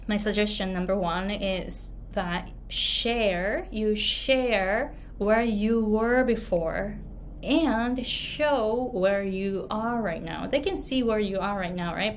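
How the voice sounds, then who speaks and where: In a mid-range voice with a little hiss or hum in the audio, a woman with a Japanese accent offers casual storytelling advice to the camera. She's an online business and pronunciation coach, and her chatty delivery leans on fillers and tag questions.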